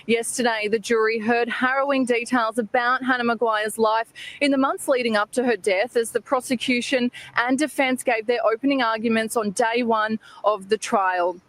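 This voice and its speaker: A news reporter giving a measured, formal broadcast report from outside a court. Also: mid-range voice, steady tone, a bit bright, no room sound.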